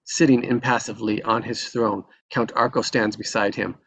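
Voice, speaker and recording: Creaky-voiced man reading stage directions. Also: on the low side, fairly even intonation, moderate pace, a bit bright, slight background noise. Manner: plain, matter-of-fact.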